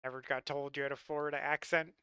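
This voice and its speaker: A man's voice: mid-range voice, level tone, fast talker, pushed and bright, clean tone, dry recording. A man from Long Island chatting casually with his stream chat in a wry, talkative way. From Long Island, New York.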